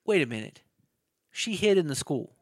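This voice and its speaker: A podcast co-host with a highish voice and big pitch swings casually recaps a movie plot at a moderate pace, rambling, swearing often and acting out the characters' lines. The sound is studio quality with no echo.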